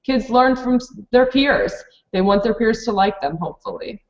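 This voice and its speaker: A woman's voice: a little high, moderate pace, a little mellow. A woman presenting a teacher webinar, practical and matter-of-fact, with many fillers. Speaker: preschool program director presenting to teachers. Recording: dull lo-fi webinar audio.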